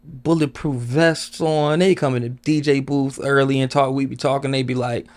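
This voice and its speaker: A man's voice: medium pitch, level tone, moderate pace, a little mellow. A man guest on a podcast, telling stories in a rambling casual way, full of "like" and swearing.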